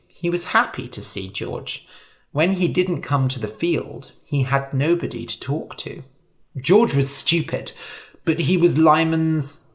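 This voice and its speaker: A storyteller reading a fable slowly and clearly for English learners. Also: medium pitch. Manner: slow, clear, expressive reading.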